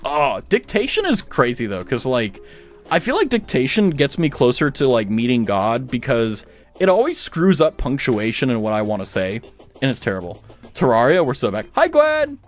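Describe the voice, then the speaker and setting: A man's voice: mid-range voice, wildly swooping pitch, normal speed, soft background music. A young man streaming a game, chatting casually with viewers and rambling through self-mocking jokes. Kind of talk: casual chat while gaming.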